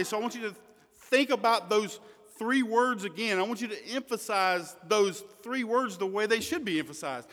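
Male preacher, bright high voice, emphatic delivery shifting from quiet to forceful, long reverb of a hall. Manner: emphatic, swings from hushed to loud. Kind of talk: sermon.

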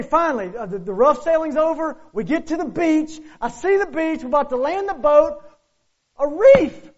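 A pastor preaching a sermon, firing off rhetorical questions and swinging between loud, urgent lines and hushed ones. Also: male voice, extremely high pitch. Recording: muffled lo-fi sermon recording.

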